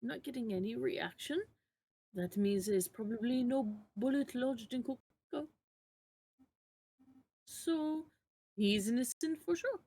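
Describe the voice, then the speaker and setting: A woman's voice: on the high side, slow, long pauses, warm tone, slightly rough, exaggerated voice. A woman voicing an eager young male assistant who reports findings plainly, while reading a game aloud. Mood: matter-of-fact.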